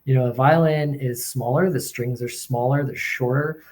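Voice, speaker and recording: A man's voice: mid-range voice, fairly even intonation, moderate pace, darkish tone. Hesitant man explaining in plain terms. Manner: hesitant, restarts often, explains with analogies. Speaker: pediatrician guest. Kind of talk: casual podcast conversation.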